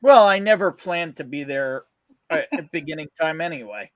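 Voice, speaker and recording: A man hosting a casual livestream chat, excitable and swearing, laughing often. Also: a little high, moderate pace, no echo. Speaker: host.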